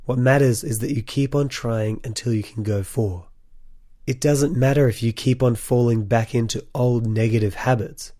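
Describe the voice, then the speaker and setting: A man's voice: medium pitch, steady tone, normal speed, mellow, no room sound, clean studio sound. A man hosting a solo podcast, speaking earnestly and encouragingly to his listeners in a voice still sick from a cold. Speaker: podcast host.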